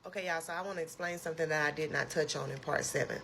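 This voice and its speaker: A woman telling a personal story in a casual, animated storytime style, acting out her own outbursts. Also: low voice, rapid-fire, gravelly, slight background noise. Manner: animated, emotional retelling with lively quoted outbursts.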